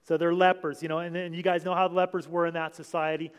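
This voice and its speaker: Preacher with a lingering hall echo. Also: male voice, on the high side, flat delivery, fast, smooth. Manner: conversational, with many restarts and asides to the congregation. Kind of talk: informal sermon reading scripture. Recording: long hall reverb.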